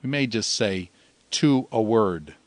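A man teaching a grammar lesson in a measured way, pausing often and drawing out phrases so listeners can repeat them. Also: fairly low pitch, expressive, dry recording. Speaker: Greek teacher. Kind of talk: slow, deliberate grammar lecture.

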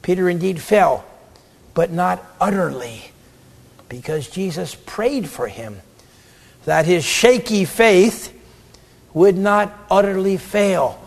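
Emphatic, lively male preacher in a hall. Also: sits high, slow pace, vocal fry, pauses often. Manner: emphatic, lively, acts out quotes. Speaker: preacher and theologian. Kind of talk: sermon. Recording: long reverb of a hall.

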